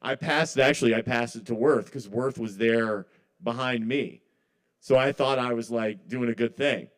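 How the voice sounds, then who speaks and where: A man talks through a loose stand-up set at an open mic, rambling and conversational in his middle-pitched voice. His thoughts often trail off before he picks them back up. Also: normal speed. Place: live kava bar open mic.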